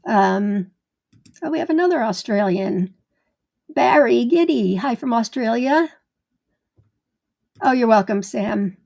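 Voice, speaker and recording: A woman's voice: a little high, animated, takes it slowly, gravelly, pauses often, darkish tone. Bubbly, chatty woman hosting a live stream. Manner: bubbly and chatty, self-described cheerleader. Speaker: host of a live gardening show. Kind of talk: live-stream chat greeting viewers.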